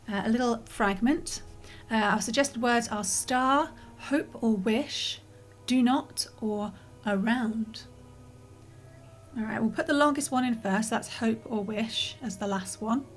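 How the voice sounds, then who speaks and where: A woman streamer chatting casually over a game, rambling and apologetic, a little out of breath and yawning. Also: a little high. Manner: rambling and apologetic, many restarts and fillers. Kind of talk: casual let's-play commentary.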